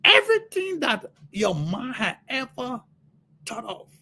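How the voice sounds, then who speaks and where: A man preaches with fervor on a livestream. His voice is gravelly and husky, and it swings widely in pitch. He repeats words and breaks into sudden shouts. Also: huge pitch swings, measured pace. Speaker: motivational speaker.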